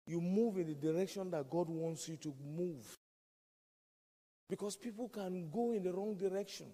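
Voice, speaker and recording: A man delivers a sermon with emphatic repetition, hammering his key phrases again and again. His voice sits fairly high yet sounds dark and mellow. The long reverb of a large hall trails after every line. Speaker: preacher.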